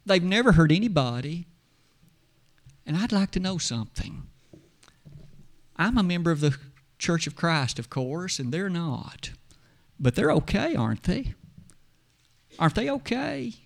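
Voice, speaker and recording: A man's voice: high-pitched, big pitch swings, unhurried, gravelly, long pauses, heavily acted. A man acting out an earnest churchgoing woman who pleads with Jesus about her friends. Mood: pleading.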